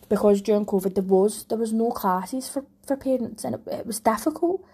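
Young Scottish mum for a vlog: mellow, slightly breathy voice, candid and rambling, often restarts her sentences. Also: fairly high pitch, a little fast. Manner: rambling, heartfelt, frequent restarts. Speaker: vlogger, new mum. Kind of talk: candid personal storytelling.

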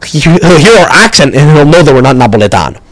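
A young man hosting a podcast, telling stories in a profane, rambling, animated way. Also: a little high, fast talker, no echo, low-quality recording. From Canada. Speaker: podcast host. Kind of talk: casual storytelling rant.

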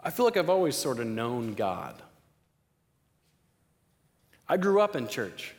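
A young man preaching a sermon to a campus crowd, lively, often asking the listeners questions. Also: mid-range voice, unhurried. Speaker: campus ministry speaker. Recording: long hall reverb.

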